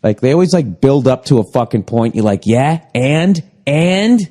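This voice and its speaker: A man's voice: medium pitch, lively intonation, quick pace, dark tone. A male comedian ranting in a profane, exasperated way. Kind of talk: stand-up style rant.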